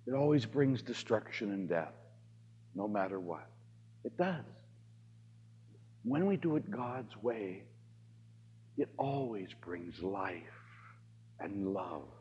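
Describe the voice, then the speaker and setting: A man, a priest, giving a homily, telling stories with big swings between hushed, quiet lines and loud shouting. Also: on the low side, husky, highs cut off. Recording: long hall reverb.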